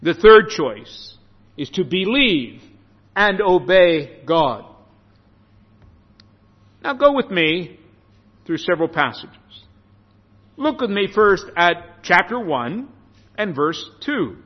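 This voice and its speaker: High-voiced guy preaching slow in an echoey church, kinda muffled. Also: very animated. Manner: slow, earnest preaching with emphatic repeated phrases. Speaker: pastor. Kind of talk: sermon. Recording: dull sound with long hall reverb.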